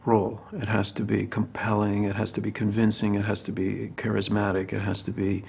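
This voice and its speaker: Man, film director, low gravelly voice, husky, measured. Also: monotone, a little mellow. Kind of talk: interview commentary.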